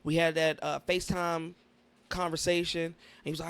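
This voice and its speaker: A man's voice: fairly high pitch, level tone, normal speed, creaky, a bit bright, smooth. A man hosting a podcast, talking in a laid-back, encouraging, slangy way with his guest in a studio. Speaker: podcast host. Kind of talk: casual interview chat.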